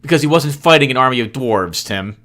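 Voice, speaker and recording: A man's voice: medium pitch, animated, fairly quick, sharp tone. A man giving chatty gameplay commentary as host, laughing often and sounding sheepishly apologetic. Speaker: let's play host.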